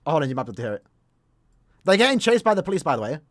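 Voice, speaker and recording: A young man chatting casually on a live game stream, talking in quick bursts and laughing easily. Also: fairly high pitch, big pitch swings, a little hiss or hum.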